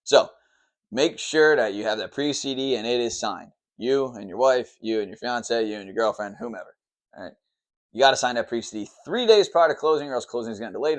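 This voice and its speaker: A man in his thirties rattles through the steps of a mortgage at a quick clip. He talks like a loan officer chatting to camera, blunt and casual, and he drops sarcastic asides along the way. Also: medium pitch. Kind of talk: casual explainer talk to camera.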